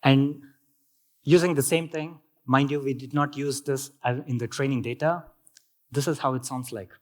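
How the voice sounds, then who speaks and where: A man with an Indian accent presents at a conference, walking the audience through technical ideas. His voice sits at an ordinary middle pitch. He pauses with fillers and restarts his phrases as he explains. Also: fairly even intonation. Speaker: conference speaker.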